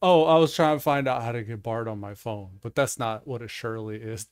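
A man's voice: mid-range voice, steady tone, brisk, clean tone, no echo, studio quality. A man hosting his own vlog in casual chat, rambling and laughing often as he talks. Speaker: vlog host.

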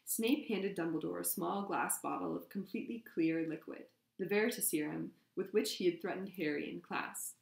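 A woman's voice: lowish voice, normal speed, creaky, few pauses. A woman hosting a podcast, reading a story aloud and chatting casually with fillers. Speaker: podcast host. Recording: roomy echo.

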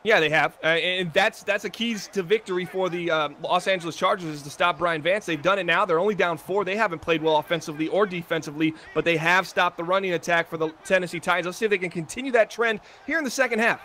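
A man's voice: high-pitched, quick pace, few pauses, pushed and bright, a little hiss or hum. A man giving chatty, analytical color commentary on a video game football broadcast. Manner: analytical, chatty, self-deprecating.

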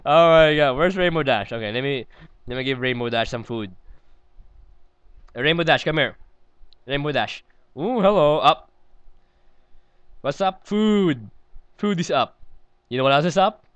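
A man's voice: fairly high pitch, lively intonation, measured pace, long pauses, a bit bright, smooth, no room sound, highs cut off. A man hosting a let's play, rambling and giggling through casual gameplay commentary as he talks to himself.

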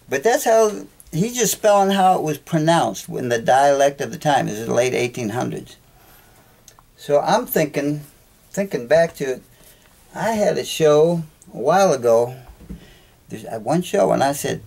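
A man's voice: a little high, lively intonation, a little slow, gravelly, darkish tone. A man hosting his own podcast, talking in a chatty, jokey monologue that wanders and interrupts itself. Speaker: podcast host. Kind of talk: rambling solo monologue.

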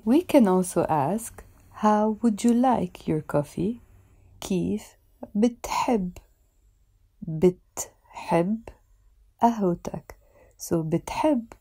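A woman's voice: on the low side, creaky, mellow. A woman with a Lebanese accent teaching a language lesson, speaking carefully and repeating words so they can be pronounced. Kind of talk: slow instructional lesson.

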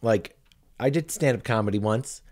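A man's voice: fairly low pitch, normal speed, a little mellow. A man hosting a casual podcast chat, joking and laughing at his own lines. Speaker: podcast host.

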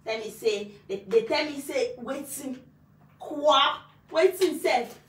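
A social media personality with a Nigerian accent speaks face to face into her phone camera during a live video, confronting someone. Her voice sits high and fairly bright, and she takes it slowly. She's emphatic, repeating her demands again and again and laughing now and then.

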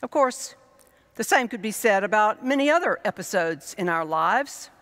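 A woman's voice: mid-range voice, expressive, fairly bright tone. Woman pastor preaching in a reverberant church. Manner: reflective, measured preaching with lists and repetition. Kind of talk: sermon. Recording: long reverb of a church hall.

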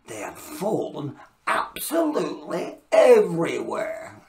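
Hosting her own reading channel, this woman tells a children's story in a lively, expressive, playful way, with a voice that sits low.

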